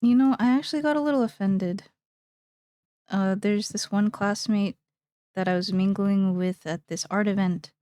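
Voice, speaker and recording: A woman's voice: mid-range voice, moderate pace, mellow, dry recording, clean studio sound. A young woman streamer chatting casually while she draws, rambling playfully and thinking aloud.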